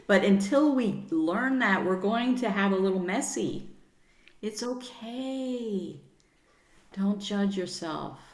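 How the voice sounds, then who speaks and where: A middle-aged woman, a guest on a podcast, talking in an earnest, soothing way and using gentle pet names. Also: medium pitch, expressive, slow. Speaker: podcast guest, sound healer. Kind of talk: casual interview chat. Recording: roomy echo.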